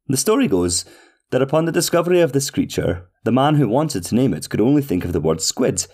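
A man's voice: medium pitch, very animated, brisk, warm tone, husky, voice pushed up. A man voicing a pompous male restaurant manager who reads out a formal, flowery, overly polite letter. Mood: courteous. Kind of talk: scripted reading of a letter.

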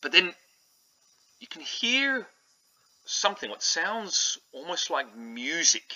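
A man's voice: fairly high pitch, big pitch swings, slow, pushed and bright, poor audio. A man narrating a tabletop game as game master in a casual, rambling way.

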